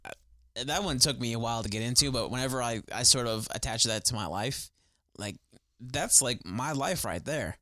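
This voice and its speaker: A young man co-hosting a casual podcast, his voice bright and forward and the sound very dry. He talks with eager enthusiasm, swears freely and fills his sentences with "like." He keeps it loose and chatty. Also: mid-range voice, normal speed, no room sound. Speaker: podcast co-host. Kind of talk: casual chat.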